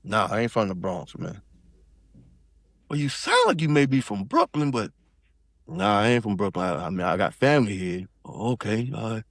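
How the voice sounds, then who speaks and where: A man's voice: fairly low pitch, sing-song, moderate pace, dry recording, studio quality. A man from South Carolina, telling a story in casual chat and acting out quotes in shifting voices. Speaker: podcast guest.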